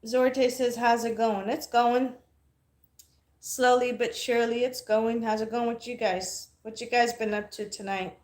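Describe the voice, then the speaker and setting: A woman's voice: on the high side, fairly even intonation, unhurried, a little mellow. A woman hosting a casual livestream podcast, blunt and playful, swearing freely as she chats with viewers. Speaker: podcast host. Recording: echoey room.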